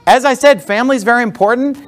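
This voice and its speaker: Preaching to a responding congregation in church, this pastor talks fast in a very high voice. He is blunt and emphatic, throwing in sarcastic asides.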